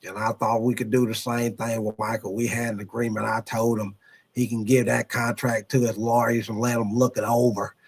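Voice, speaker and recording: A man doing an impression of an older team owner, talking in a slow, halting, folksy drawl. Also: mid-range voice, flat delivery, slightly rough, voice pushed down. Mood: explaining.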